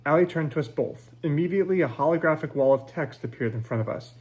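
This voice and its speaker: A male author reading his novel aloud in measured first-person narration at a library event. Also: fairly high pitch, darkish tone.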